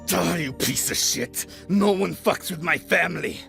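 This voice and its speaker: A man's voice: on the low side, moderate pace, bright, forceful tone, soft background music. A man voicing a violent, hot-tempered scammer husband who snarls and roars threats. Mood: roaring rage.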